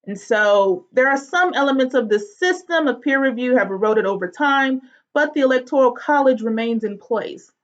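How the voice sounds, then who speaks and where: A woman lecturing in a relaxed, chatty way, dropping slang and tossing questions to the class. Her voice sits a bit high, and the sound is dull and lo-fi. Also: normal speed. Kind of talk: casual online lecture.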